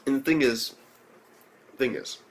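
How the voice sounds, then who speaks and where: A young man casually recapping and reviewing an anime episode, rambling and profane with many fillers, and excitable. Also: a little slow. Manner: excitable, jumps into high reactions.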